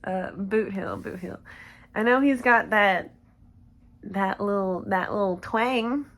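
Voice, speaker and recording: Slow-talking, chatty woman reading fanfic. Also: mid-range voice. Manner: chatty, giggly, self-conscious asides. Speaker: video creator reading fanfiction. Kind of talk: casual chat and reading aloud.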